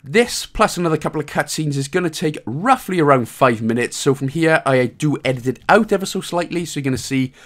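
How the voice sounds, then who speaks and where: Welsh male walkthrough host, higher-pitched voice, irreverent humor with mild cursing, patient and repetitive guidance. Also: expressive, brisk, few pauses, a bit bright. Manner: irreverent, joking, mild swearing; reassuring, repeats instructions. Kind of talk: casual commentary over gameplay.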